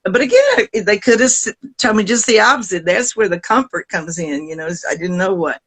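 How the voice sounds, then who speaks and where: An older woman from the American South tells her story with a Southern accent. She talks in a lively way, laughs often and restarts her sentences. Her voice sits in the middle pitch range. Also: brisk, slightly rough, rough recording. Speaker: guest singer. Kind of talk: storytelling in a conversation.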